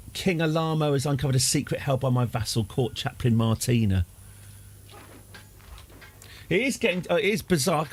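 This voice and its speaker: A man in his forties from England, with an English accent and a fairly high, husky voice, streams a game live. He chats casually and wryly, rambling off on tangents and answering his chat.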